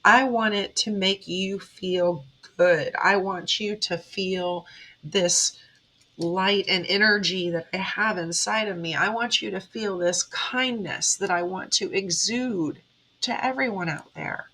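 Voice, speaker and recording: A woman's voice: mid-range voice, slow pace, sharp tone, rough recording. A woman, a tarot reader giving an earnest, emotional motivational monologue straight to her viewers. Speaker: tarot reader and spiritual vlogger.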